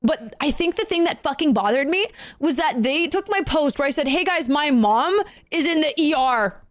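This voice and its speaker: High-voiced woman ranting to her stream chat. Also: expressive, normal speed. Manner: swears, repeats herself, swings between angry and playful. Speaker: VTuber streamer. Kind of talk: live stream rant to chat.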